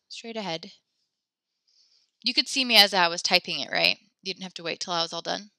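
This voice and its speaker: Encouraging French teacher, bright dry voice. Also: female voice, on the low side, moderate pace, no echo. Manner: friendly, encouraging, chatty with fillers. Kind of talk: online class instruction. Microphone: computer mic in a video class.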